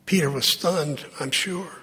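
A man preaching a sermon, with dramatic pauses and lines that drop to a hush. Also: fairly high pitch, breathy edge. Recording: long hall reverb.

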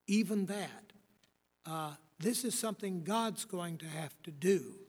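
A man's voice: high voice, unhurried, husky, long reverb tail. A man in his sixties, a preacher giving a rambling, wry and blunt talk on preaching, with many fillers and restarts. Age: 60s. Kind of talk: lecture on preaching.

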